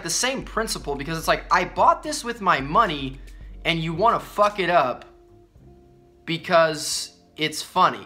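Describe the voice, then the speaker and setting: A young man rants to the camera about sneakers, swearing freely and sounding exasperated as he mimics the people he quotes. His voice is bright and forceful. Faint music plays quietly underneath. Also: fairly high pitch. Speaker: sneaker vlogger. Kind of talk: casual ranting vlog.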